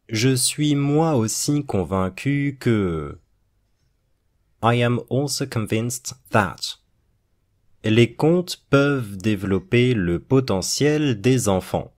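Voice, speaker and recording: Slow, low-voiced teacher explaining grammar. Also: male voice. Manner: reads French lines then translates and explains them. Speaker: French teacher. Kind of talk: slow explanatory language lesson.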